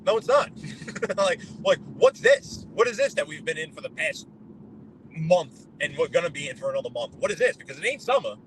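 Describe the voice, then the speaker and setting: This New Yorker's voice sits on the high side, swinging hugely in pitch, fairly quick and a bit bright, on poor audio. He chats casually with live-stream viewers while driving, greeting them by name and rambling, as road and traffic noise comes through the car.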